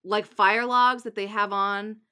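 A woman co-hosting a casual podcast chat, giggling and chiming in with quick agreement. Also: medium pitch, fairly even intonation, bright, forceful tone, clear, resonant tone. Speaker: podcast co-host.

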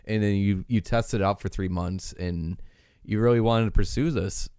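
A man interviewing a streamer, rambling and relaxed, with many fillers. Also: on the low side, normal speed, clear, resonant tone, no room sound, studio quality. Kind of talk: casual interview chat.

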